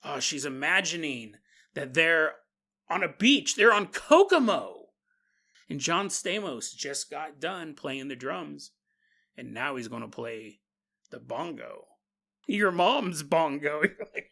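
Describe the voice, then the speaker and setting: A man's voice: on the high side, big pitch swings, slow pace, vocal fry, pushed and bright. A man hosting a paranormal podcast, retelling a strange story with comedy, laughing often and slipping into mock voices for the people in it. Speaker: podcast host.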